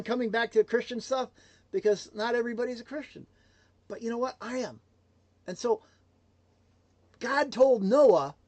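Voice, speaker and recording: A man giving a motivational livestream talk, emphatic and swinging between loud declarations and hushed asides. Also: very high-pitched, dry recording. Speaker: motivational speaker.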